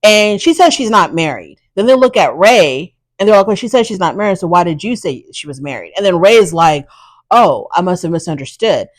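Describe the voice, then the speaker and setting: A woman's voice: mid-range voice, expressive, fairly quick, hardly any pauses, dry recording, low-quality recording. A woman hosting a casual TV recap, chatty and opinionated with sassy asides. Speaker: reality TV recap host.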